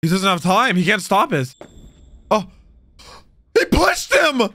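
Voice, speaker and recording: A man's voice: high voice, slow pace, gravelly, dry recording. A young man giving casual, emotional commentary while reacting to an anime episode, often calling out "bro". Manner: excitable, emotional, says bro a lot.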